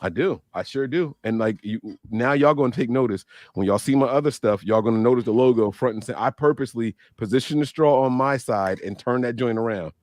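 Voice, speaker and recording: A man's voice: medium pitch, a little fast, few pauses, darkish tone, dry recording, studio quality. A man in his thirties, co-hosting a podcast in loose, joking, slangy chat. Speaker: podcast co-host. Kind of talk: casual livestream chat.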